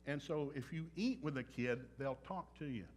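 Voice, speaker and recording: A man's voice: on the high side, moderate pace, slight background noise. A man preaching a sermon at a church service, blunt and joking, acting out little scenes with other voices. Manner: joking, blunt, acts out dialogue. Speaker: pastor. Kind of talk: sermon with acted-out anecdotes.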